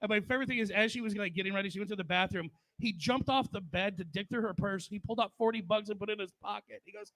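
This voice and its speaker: Forties male stand-up comic with a high voice; crude, profane, chatty tribute storytelling. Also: quick pace, hardly any pauses, fairly bright tone. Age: 40s. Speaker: stand-up comedian.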